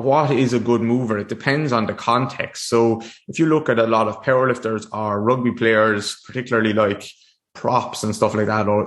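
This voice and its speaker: Guy doing a solo podcast, lowish voice, rambly, lots of ums and restarts. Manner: casual, rambling with frequent restarts and fillers. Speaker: podcast host. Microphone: desk mic facing a screen.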